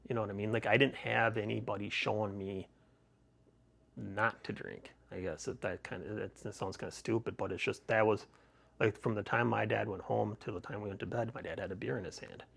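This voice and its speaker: A man's voice: lowish voice, fairly even intonation, a little fast, gravelly, fairly bright tone. A middle-aged man on a podcast, telling rambling personal stories with many restarts and laughs. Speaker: podcast host, guest. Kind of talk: casual interview storytelling.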